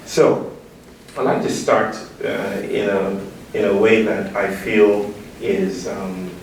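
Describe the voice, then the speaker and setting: Speaking slowly in a flat, low voice, a Nigerian man delivers a keynote to an audience in a large room, playfully drawing them into call-and-response. The public talk is captured from a distance in an echoey hall, carrying a little hiss or hum.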